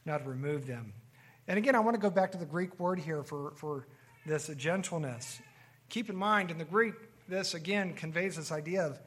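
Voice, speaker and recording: A man's voice: a little high, fairly bright tone. A man preaching a sermon to an assembly, earnest and repeating his key phrases for emphasis. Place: meeting room with a live audience.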